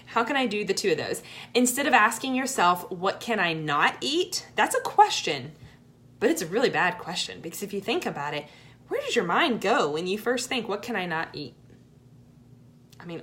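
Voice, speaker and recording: A woman's voice: mid-range voice, fairly bright tone. Brief: young adult woman, live video coach, friendly and chatty, keeps checking in with her audience. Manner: chatty, encouraging, asks "right?" often. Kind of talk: live-streamed coaching talk.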